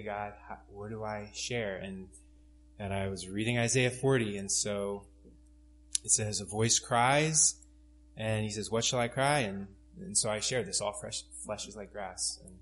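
Young man, sermon, earnest storytelling, fillers and restarts, faint hum behind. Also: lowish voice. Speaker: pastor.

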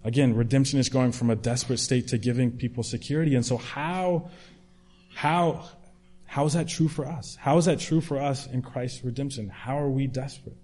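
A man's voice: medium pitch, fairly even intonation, moderate pace, a little mellow. A man preaching a sermon in a conversational way, retelling a story with restarts and fillers.

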